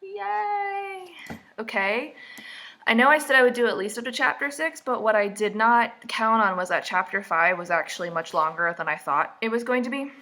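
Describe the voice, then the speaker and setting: A woman's voice: mid-range voice, a little fast, few pauses, pushed and bright. A woman vlogging casual book commentary, sarcastic and mocking, full of "like"s, just woken up. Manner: sarcastic, mocking, chatty with many "like"s.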